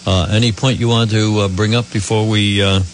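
A man's voice: on the low side, fairly even intonation, a little fast, slight background noise. A man hosting a call-in radio talk show, chatting and joking with lots of fillers.

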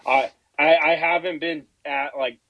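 A man on a podcast telling a rambling, profane story in casual chat, animated and acting out the quotes. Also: fairly high pitch, measured pace, no echo, dull audio. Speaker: podcast guest.

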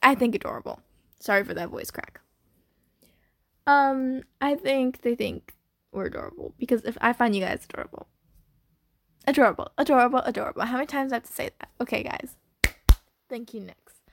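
A woman's voice: fairly high pitch, fairly quick, vocal fry, pauses often, no room sound, studio quality. A young woman hosting her own unedited podcast, chatting in a scatterbrained, apologetic way. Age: young adult. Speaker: podcast host. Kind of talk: casual unedited podcast chat.

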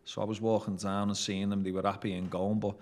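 A man's voice: fairly low pitch, flat delivery, fast talker. A man with a Scouse accent telling stories casually in an interview, swearing freely and acting out what people said. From Merseyside, England. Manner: swears freely, acts out quoted dialogue. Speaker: interview guest, former prisoner. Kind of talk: casual storytelling.

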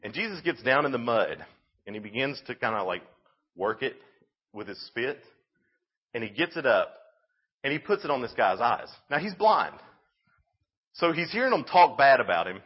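A man giving a youth sermon, telling the story in an animated, casual way with lots of "like"s. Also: mid-range voice, husky, muffled recording. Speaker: youth speaker.

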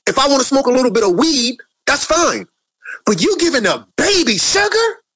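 A man's voice: very high voice, a bit bright, no echo. A man ranting on a live social media video, preachy and rambling, who keeps calling his viewers family.

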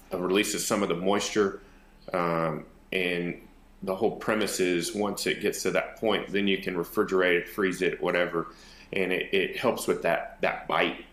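A man's voice: sits low, reverberant. A man from North Texas co-hosting a podcast, chatting casually and rambling with fillers over a remote call. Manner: relaxed, rambling, hesitant with fillers. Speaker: podcast co-host. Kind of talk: casual chat.

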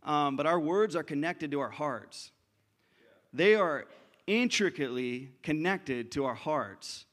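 A man's voice: a little high, animated, measured pace, fairly bright tone. Earnest male pastor preaching conversationally. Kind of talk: sermon.

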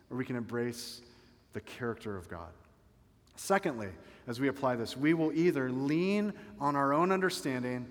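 A man's voice: mid-range voice, big-room sound. A male pastor preaching a sermon, telling a story dramatically and swelling and dropping his volume for emphasis.

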